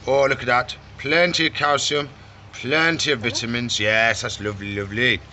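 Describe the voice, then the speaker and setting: A man with a mid-range, steady voice talks at a moderate pace with a sharp edge, over slight background noise. He runs a reptile shop and vlogs from the pet shop, chatting casually and playfully baby-talking to the animals.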